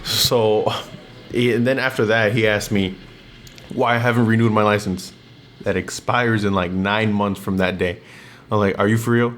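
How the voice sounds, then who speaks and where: A man's voice: on the low side, flat delivery, a little slow, a bit bright, slight background noise. A young man telling stories in a blunt, slangy rant, swearing constantly. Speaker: vlogger. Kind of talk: casual profane rant, storytelling. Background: music.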